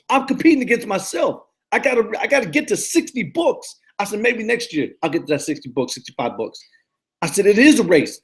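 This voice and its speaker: A man in his thirties, a life coach giving a casual, energetic motivational talk that repeats its points and often stumbles and restarts. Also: high voice, fast. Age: 30s. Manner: energetic, repetitive, preachy pep talk.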